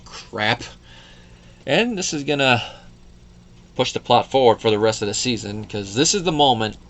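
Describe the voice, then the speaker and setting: A man in his thirties with a somewhat low voice chats his way through an episode review, wandering into asides and quoting lines as he goes. A faint hum of room ambience sits behind him. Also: fairly bright tone. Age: 30s. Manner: chatty, digressive, with fillers and quoted asides. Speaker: show reviewer. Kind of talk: casual solo review commentary.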